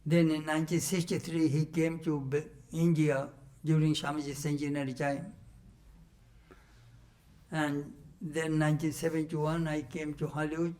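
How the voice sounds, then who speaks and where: Animated older man telling stories. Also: a little high, moderate pace. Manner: animated, laughing storyteller. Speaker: monk recalling his teacher. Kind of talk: storytelling talk to a retreat audience.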